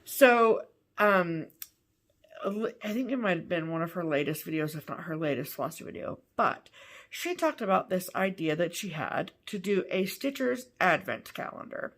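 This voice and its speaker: A woman co-hosting a cross-stitch show, chatting casually and gushing with excitement over what she shows. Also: lowish voice, moderate pace. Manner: gushing, enthusiastic. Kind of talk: casual show-and-tell chat.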